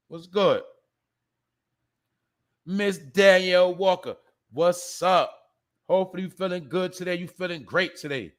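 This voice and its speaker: High-pitched New man hosting a live stream. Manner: loose street talk, shouting out chat names. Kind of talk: casual live-stream chat.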